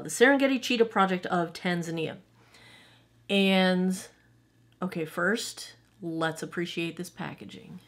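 A woman in her forties reviewing makeup in a casual, gushing and emotional way. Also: lowish voice. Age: 40s. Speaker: beauty vlogger.

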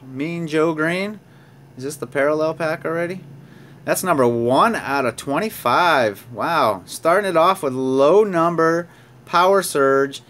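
A man's voice: a little high, a little slow, fairly bright tone. A man casually narrating as he opens sports card packs, reading out card names and chuckling now and then. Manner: chatty, reads card names aloud with small laughs. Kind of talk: casual pack-opening commentary.

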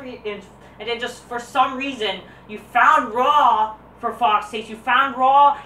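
A woman's voice: a little high, pushed and bright, slight background noise. A woman reviewing wrestling as a vlogger, ranting crudely with constant swearing and a dismissive, combative manner. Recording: roomy echo, voice distant from mic.

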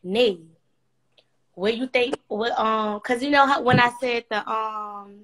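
A young woman from Atlanta banters playfully with her mother on a phone livestream, using Southern slang in casual chat. Her voice is fairly high, a bit bright and steady in tone, and she speaks unhurriedly. The recording quality is low.

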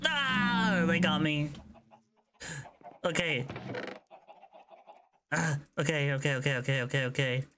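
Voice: medium pitch, slow pace, pauses often. Gamer, casual gameplay commentary, jittery, repeats phrases, nervous laughs, noisy recording. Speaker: gaming video creator.

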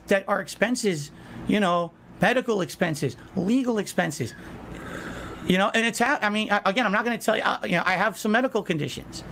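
A man's voice: sits high, sharp tone, slight background noise. A man answering in an interview, hesitant and emotional, often checking that he is understood. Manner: hesitant, keeps seeking agreement. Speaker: interview guest.

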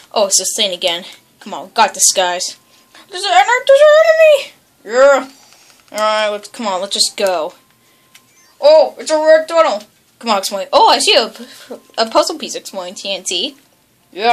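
Woman, gaming commentary, high voice, swooping pitch, excitable, yelps and groans. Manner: excitable, yelps and groans, bickers with toy characters. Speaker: gaming channel host. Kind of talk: excited video game commentary.

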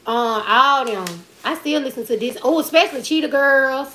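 A woman's voice: high voice, a little fast, few pauses, sharp tone, a little hiss or hum. A woman in her twenties, a comedian chatting casually on a live stream, rambling in slangy talk and reading viewer comments aloud. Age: 20s. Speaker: comedian and YouTuber.

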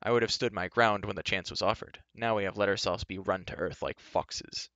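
A man's voice: low-pitched, brisk, pushed and bright, no room sound, muffled recording. A man doing a haughty, stiff young noble. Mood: proud.

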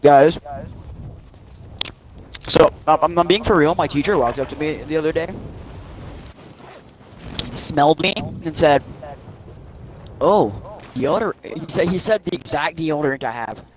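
A teenage boy trading loud, teasing, swearing banter with friends while gaming. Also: a little high, moderate pace, pauses often, low-quality recording. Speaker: gamer.

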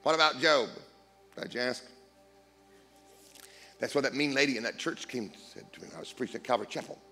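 A man's voice: fast talker, creaky, soft background music. A middle-aged man preaching a storytelling sermon, joking and acting out dialogue. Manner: animated, jokey, acts out dialogue with big pitch swings. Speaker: guest preacher.

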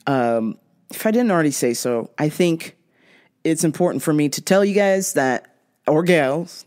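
A woman's voice: low voice, expressive, measured pace, darkish tone. A woman hosting a podcast, ranting bluntly and profanely in a casual monologue, often laughing. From half Jamaican. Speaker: podcast host.

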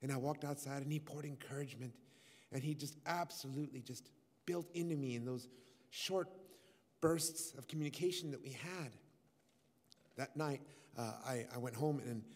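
Earnest male speaker with a husky voice, sharing testimony live in a reverberant hall. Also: mid-range voice, moderate pace. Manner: earnest, conversational, with restarts. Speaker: worship musician and speaker. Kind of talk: personal testimony told to a congregation. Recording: long hall reverb, faint music.

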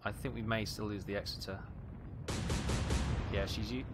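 A man giving tense, excitable live commentary on a naval battle game, calling out ranges and fire orders. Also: fairly low pitch, moderate pace, heavy background noise. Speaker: gameplay commentator.

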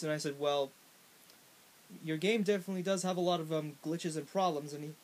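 A man with a fairly high voice tells a comic story straight to the camera. He rambles, stops and restarts, and fills the gaps with ums. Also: moderate pace, long pauses. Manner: rambling, with many fillers and restarts. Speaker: vlogger. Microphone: in front of a camera.

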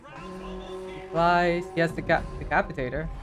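A man giving casual live commentary while playing a video game, talking to his viewers and breaking into excited shouts. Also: high-pitched, normal speed, music in the background. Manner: animated, bursts into excited shouts. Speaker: gaming streamer.

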